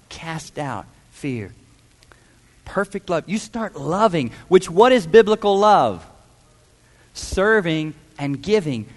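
A man's voice: fairly high pitch, long reverb tail. A man preaching a sermon as pastor, emphatic, asking rhetorical questions and mimicking voices.

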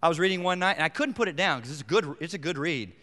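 High bright-voiced preacher in a reverberant hall. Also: male voice, expressive, quick pace. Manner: emphatic, rises to near-shouts on key points. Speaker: pastor. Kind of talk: sermon. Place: church sanctuary.

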